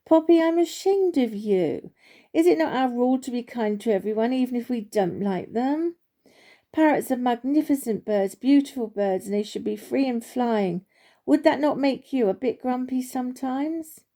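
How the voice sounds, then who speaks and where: A woman's voice: on the high side, lively intonation, normal speed, voice pushed up. A woman voicing a kind wise old oak tree. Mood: kind, firm. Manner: kind but firm, gently scolding.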